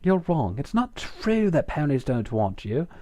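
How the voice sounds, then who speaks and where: A man's voice: sing-song, unhurried, dark tone, no room sound. A man voicing an anxious, earnest young female unicorn who stammers eagerly in a fan story reading. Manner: stammering, eager, high-strung.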